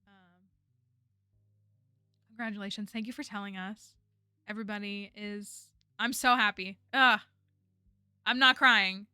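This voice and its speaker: A woman's voice: medium pitch, fairly even intonation, unhurried, long pauses, bright, forceful tone, clean tone, no echo, studio quality, faint music behind. A woman streaming a game, talking casually and rambling with lots of fillers. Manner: chatty, rambling, many fillers like "like" and "um". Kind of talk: casual gameplay chat.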